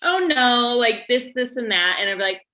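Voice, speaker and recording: Chatty woman author on a podcast, bright sharp voice, casual. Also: on the high side, animated, moderate pace. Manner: chatty, lots of "like" fillers. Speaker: podcast co-host and guest author. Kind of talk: casual chat.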